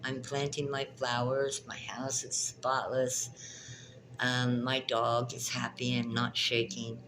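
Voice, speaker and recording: A woman's voice: rumbling low, flat delivery, slow pace, noisy background. A woman giving a spiritual tarot reading in a vlog, talking in an emphatic, passionate way and often repeating her phrases. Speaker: tarot reader and spiritual teacher.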